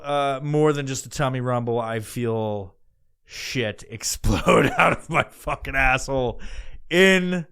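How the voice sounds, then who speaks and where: Male podcast host, mid-pitched, foul-mouthed rambling comic storyteller. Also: a bit bright, clean tone. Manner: crude, profanity-laden, rambling.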